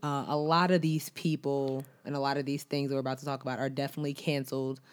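A woman's voice: very deep voice, flat delivery, fast talker. A woman co-hosting a casual podcast, laid-back and chatty with a slangy way of talking. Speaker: podcast co-host. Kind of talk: casual chat.

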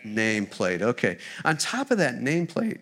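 Animated preacher telling stories. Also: male voice, mid-range voice, moderate pace. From United States. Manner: storytelling, humorous and animated. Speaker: guest preacher; missionary. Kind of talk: sermon. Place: church.

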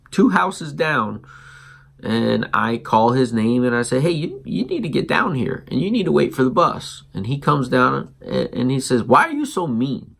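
A man hosting a parenting show, telling a story and acting out the dialogue in an animated way. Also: mid-range voice, gravelly, slightly rough. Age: adult parent. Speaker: podcast host. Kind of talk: storytelling monologue.

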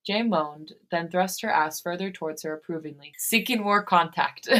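A woman podcast host reading fan fiction aloud, steady in her reading and given to breaking into laughter. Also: fairly low pitch, moderate pace.

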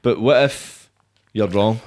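A man hosting a podcast interview, asking questions in a calm, measured way. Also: lowish voice. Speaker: podcast host.

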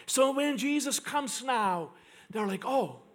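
A man's voice: high-pitched, expressive, measured pace. A man preaching a sermon to a congregation, emphatic and repeating key lines for stress. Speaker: pastor. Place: church service in front of a congregation.

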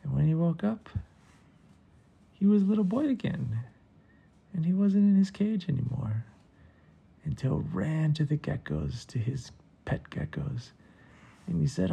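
Man, bedtime storyteller, playful, gravelly, husky. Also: fairly high pitch, a little slow, pauses often, muffled recording. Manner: playful, animated voices, sound effects.

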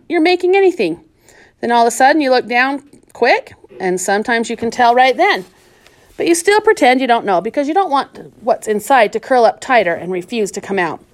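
A woman voicing a steady, patient young boy who speaks gently and plainly. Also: fairly high pitch. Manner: calm, patient, grumbling at times.

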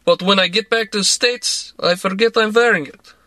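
A man's voice: sits high, normal speed, pushed and bright, dry recording, clean studio sound, pitched above the performer's own voice. A man playing a swaggering tycoon. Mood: joking. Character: swaggering Russian male tycoon, clownish and boastful.

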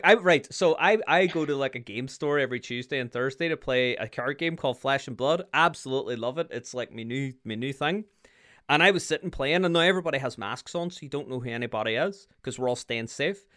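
Man, podcast co-host, excitable, a little high-pitched. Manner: excitable, bursts louder, laughs often. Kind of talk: casual podcast chat.

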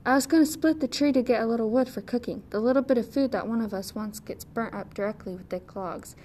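A tiny old dwarf with a shrill, scolding voice hurls insults at everyone around him. He is grumpy and spiteful, as a woman reads him aloud in a fairy-tale reading. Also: fast talker, warm tone, slight background noise, lightly acted. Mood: angry scolding. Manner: snapping, scolding.

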